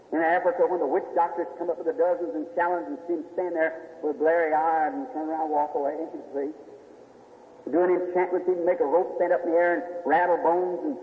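Folksy preacher, man, fairly high voice, long reverb of a big hall. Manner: folksy, asks the crowd "is that right?". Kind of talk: sermon. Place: large hall before a crowd. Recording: old tinny hall recording, echoey.

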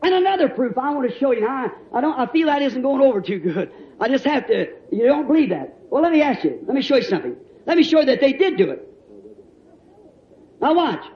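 A man preaching a sermon in a folksy storytelling way, laughing and rising to shouts. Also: extremely high pitch, very animated, fairly quick. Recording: dull, roomy old church recording.

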